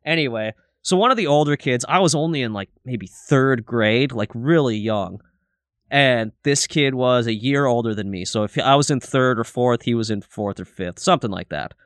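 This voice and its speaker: A man's voice: mid-range voice, normal speed, fairly bright tone, no room sound, clean studio sound. A man in his thirties co-hosting a podcast, telling a rambling, profane story in casual chat. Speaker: podcast co-host.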